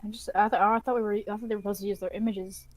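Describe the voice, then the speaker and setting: A woman's voice: medium pitch, fairly even intonation, racing, rough recording. A woman playing a tabletop game, chatting casually and swearing freely. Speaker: player.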